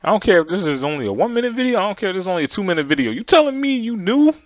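A man's voice: high voice, animated, racing, no room sound, highs cut off. A young man ranting animatedly in a reaction video, exasperated and repeating himself for emphasis.

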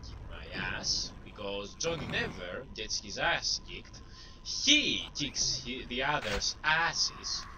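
A man's voice: medium pitch, very animated, takes it slowly. A young man casually commenting on his gameplay, rambling, putting himself down and taunting enemies. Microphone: cheap desktop microphone. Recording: distant mic with clear background noise.

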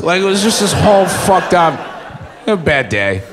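A young man doing stand-up on stage, telling a story with lots of swearing and swinging between loud bursts and mumbles. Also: on the high side, sing-song, moderate pace. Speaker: stand-up comedian. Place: comedy stage before a live audience. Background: faint audience laughter.

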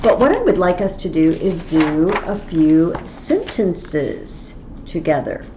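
A woman teaches Latin grammar in an unhurried, patient way, spelling out each step. Her voice sits a little low and mellow. The audio is slightly dull and lo-fi with a faint ambient hum behind it. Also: very animated. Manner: patient, slow, step-by-step explaining. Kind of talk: online tutorial lesson.

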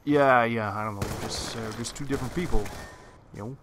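A man's voice: medium pitch, fairly quick. Swearing, rambling male gameplay commentator. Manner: swears often, many fillers, loose storytelling. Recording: game gunfire noise behind voice.

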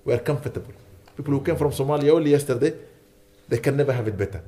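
A sheikh gives a lecture in a mosque, his medium-pitched voice racing. He preaches with fervent emphasis that softens into quiet prayer.

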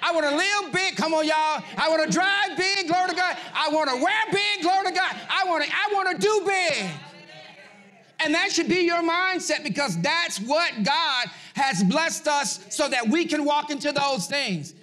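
A middle-aged man preaching a sermon, exhorting the congregation and swinging from shouted peaks to low asides. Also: animated, moderate pace. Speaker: pastor.

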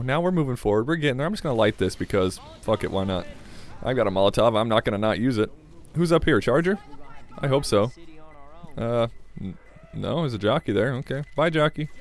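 Tired, rambling gaming commentator, a man. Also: mid-range voice. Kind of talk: casual gameplay commentary. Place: home desk at night. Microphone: desk microphone.

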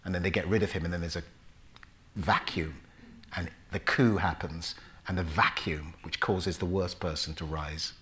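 British male actor, storyteller at a public talk, bright forward tone, acts out voices. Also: low voice, moderate pace. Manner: animated storyteller who acts out voices and recites Shakespeare. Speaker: actor and author giving a talk. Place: lecture hall before a live audience.

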